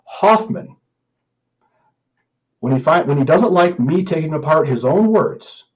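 A man's voice: fairly high pitch, expressive, unhurried, lo-fi sound. A man hosting a podcast, talking in an indignant, emphatic way as he reads online comments aloud and answers them. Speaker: podcast host.

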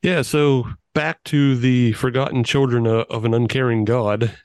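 A man's voice: mid-range voice, fairly even intonation, moderate pace, smooth, no room sound. A man co-hosting a casual podcast, talking bluntly and swearing freely while laughing often. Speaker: podcast co-host. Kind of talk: casual chat over beers.

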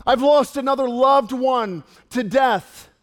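Male pastor as Jesus: a commanding, proclaiming man, high-pitched, heard with long hall reverb. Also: slow. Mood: insistent. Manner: bold, proclaiming first-person declarations.

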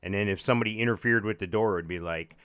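A man's voice: lowish voice, rapid-fire, fairly bright tone, smooth. Man, podcast co-host, casual chat, wry jokes, rambling. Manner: joking, wry, rambling with restarts.

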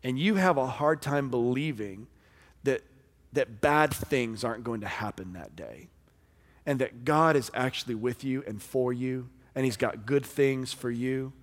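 Pastor preaching in a reverberant hall. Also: male voice, mid-range voice, lively intonation, unhurried. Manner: conversational preaching, shifting between loud and hushed. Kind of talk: sermon.

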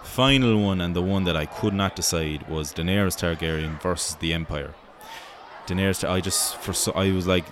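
A man's voice: sits low, moderate pace, slight background noise. An Irish man hosting a show, giving joking, profane mock sports commentary in rambling banter. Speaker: host.

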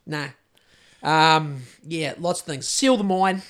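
High-voiced New Zealand man, rambling podcast host. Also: takes it slowly, a bit bright. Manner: rambling, sweary, jokey. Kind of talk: casual chat.

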